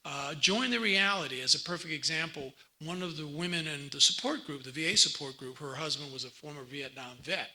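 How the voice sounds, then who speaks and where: Bright-voiced man leading a seminar. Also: fairly high pitch, a little fast, hardly any pauses, rough recording. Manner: animated storyteller, acts out quotes. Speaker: support group leader. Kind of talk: seminar talk.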